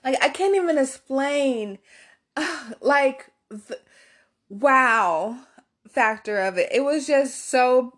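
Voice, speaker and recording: This woman's voice is high-pitched and a bit bright, with lively intonation and a slow delivery. Casually sharing a personal tale with her viewers, she rambles, curses openly, and leans heavily on fillers like "like" and "right?".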